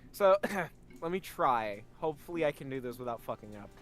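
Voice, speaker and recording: A young man co-hosting a livestream, animated and teasing, swearing freely. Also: mid-range voice, moderate pace. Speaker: co-host. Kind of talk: casual livestream banter.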